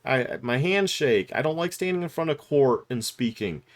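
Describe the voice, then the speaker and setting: A man's voice: mid-range voice, lively intonation, moderate pace. A middle-aged man giving candid, rambling commentary to the camera, with restarts and chuckles along the way. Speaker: YouTube commentator. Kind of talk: unscripted talking-head commentary.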